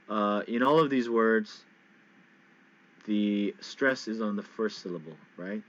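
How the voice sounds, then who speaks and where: Low-voiced man teaching English stress. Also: slow, pauses often, muffled recording. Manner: loose and repetitive, with many fillers and checks like "okay?" and "right?". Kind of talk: casual spoken lesson.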